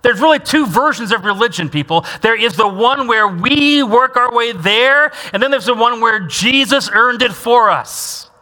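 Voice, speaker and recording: A man's voice: extremely high pitch, animated, moderate pace, few pauses, bright, forceful tone. A man preaching a sermon as pastor, emphatic, repeating key lines and having the congregation say them back. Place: church sanctuary. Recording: long reverb of a large church hall.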